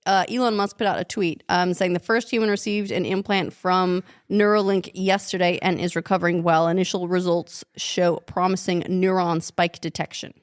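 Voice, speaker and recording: A woman's voice: on the low side, steady tone, normal speed, few pauses, clean tone. A woman co-hosting a casual chat show, chatty and giggly, with hesitant fillers. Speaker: podcast co-host.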